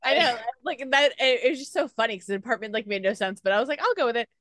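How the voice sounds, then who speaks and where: A woman host leads a casual interview in a slightly high voice, recorded close and dry. She gushes and rambles warmly, and her questions are full of fillers and fan enthusiasm. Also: expressive, quick pace, no room sound. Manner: gushing, effusive fan.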